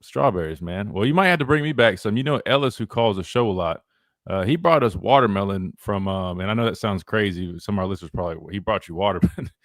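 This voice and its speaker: The young man running this live sports radio broadcast talks casually and fast, rambling with lots of restarts and "wait, hold on." His voice leans low, and the studio-quality recording has no room sound.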